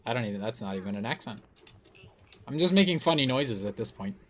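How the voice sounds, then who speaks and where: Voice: mid-range voice, expressive, fast. A streamer giving live gameplay commentary, playful and laughing, joking about attempts at silly accents.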